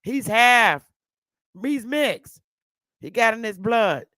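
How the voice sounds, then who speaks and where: A woman's voice: fairly high pitch, lively intonation, slow, pushed and bright, no room sound. A woman hosting a live stream, ranting in blunt, brash commentary. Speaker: livestream host.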